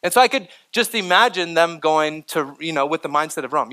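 A man preaching a sermon in a church. His voice is bright and forceful and sits a little high. He keeps it lively, pushing up for emphasis and turning to the congregation with asides. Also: brisk. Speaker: pastor. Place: church sanctuary.

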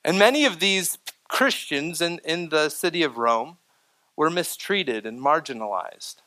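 A man preaching to his church as pastor, a lively sermon with rising emphasis and asides to the congregation. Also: on the high side, unhurried. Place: church sanctuary.

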